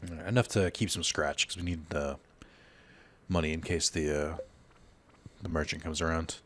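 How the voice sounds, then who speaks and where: Deep-voiced male gamer, casual rambling commentary, heavy fillers. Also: fairly even intonation, moderate pace, fairly bright tone, slight background noise. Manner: rambling, filler-heavy, storytelling while playing. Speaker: let's play host.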